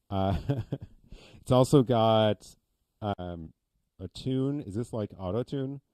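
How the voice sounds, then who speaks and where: A man's voice: on the low side, takes it slowly, warm tone, no echo. Man thinking aloud on a livestream. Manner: thinking aloud with many fillers. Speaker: livestream host. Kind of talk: casual live gear demo. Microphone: close dynamic microphone.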